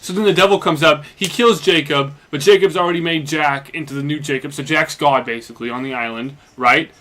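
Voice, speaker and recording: A young let's play commentator casually recaps a story while playing a game, rambling in a loose, meandering way with lots of fillers like "basically" and "like." His voice is fairly high, fairly quick, bright and forceful, with a little hiss or hum in the background.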